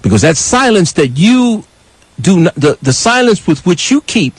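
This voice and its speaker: An older man from New York telling a passionate personal story as a live radio call-in co-host, with a husky voice and wide emotional swings. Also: high voice, big pitch swings, moderate pace, no room sound, low-quality recording. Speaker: radio talk show co-host.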